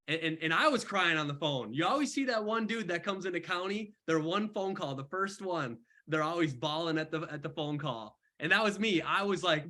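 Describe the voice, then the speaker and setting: A young man mentoring on an online call, telling his story in casual, animated talk full of slang. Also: on the high side, a little fast, hardly any pauses. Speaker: mentor speaker.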